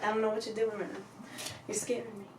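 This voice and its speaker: A woman's voice: on the high side, level tone, fast, recorded from a distance, noisy background. A woman in her thirties co-hosting a casual podcast, chatting, teasing and reading posts aloud with a giggly manner. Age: 30s. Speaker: podcast co-host. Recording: echoey room, away from the mic.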